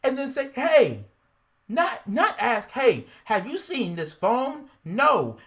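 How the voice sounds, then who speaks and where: A woman's voice: fairly high pitch, sing-song, slow pace, fairly bright tone. A woman co-hosting a podcast, ranting with profanity, repeating herself and growing indignant. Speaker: podcast co-host. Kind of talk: heated casual podcast rant.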